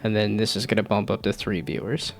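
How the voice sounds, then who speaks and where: A man's voice: fairly low pitch, level tone, fairly quick, soft background music. A man in his thirties chatting casually on a live stream, rambling and self-deprecating, laughing often. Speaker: streamer and hobby game developer.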